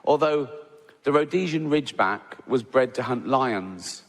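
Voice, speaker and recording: A man's voice: medium pitch, lively intonation, a little slow. An English man doing stand-up comedy, sardonic and profane, laughing at his own jokes.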